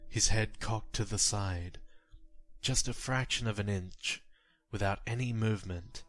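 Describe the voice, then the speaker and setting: A man reading a horror story aloud in a measured, grim storytelling manner. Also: lowish voice, fairly bright tone, no echo. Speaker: narrator. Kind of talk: scripted horror story narration. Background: faint music.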